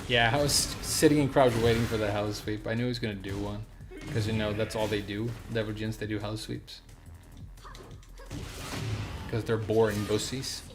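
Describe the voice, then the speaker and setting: A young man streaming a game and telling a story in a relaxed, rambling way, full of fillers. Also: lowish voice, moderate pace, pauses often, over music. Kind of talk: casual storytelling while gaming.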